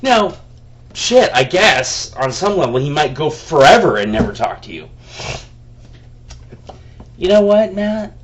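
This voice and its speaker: A man's voice: on the high side, lively intonation, unhurried, pauses often. A man venting to the camera in a heated, profane rant. He often restarts his sentences, and he talks to himself by name. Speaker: vlogger.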